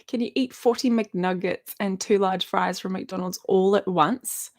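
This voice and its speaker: Aussie woman in her 30s doing a live stream from her bedroom, bit of vocal fry, rambly and giggly. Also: mid-range voice, slow. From Australia. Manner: chatty and rambling, laughs often, many fillers. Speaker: YouTuber hosting a live stream. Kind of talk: casual live stream chat, reading viewer questions.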